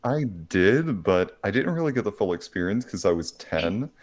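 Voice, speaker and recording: Guy cohost with a really low voice, rambly storytelling. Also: sing-song, moderate pace. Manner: storytelling, goes off on tangents. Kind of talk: casual anecdote.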